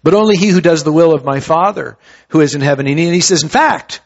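A male pastor with a fairly high voice delivers a sermon and explains scripture as if talking it through. He often stumbles and restarts his phrases. The recording sounds dull and lo-fi. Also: expressive, fast, gravelly. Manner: conversational expository preaching with hesitant restarts.

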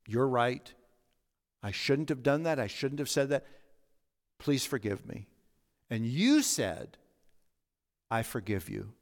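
A middle-aged man preaching a sermon as a pastor, earnest and anecdotal, moving between emphatic points and soft, quiet asides. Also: medium pitch. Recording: long hall reverb.

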